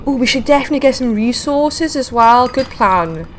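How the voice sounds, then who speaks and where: A woman hosting a casual game video, chatting excitedly to viewers and talking to the creatures she meets. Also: high voice, normal speed, a little hiss or hum. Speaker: gaming video host. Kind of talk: casual let's-play commentary.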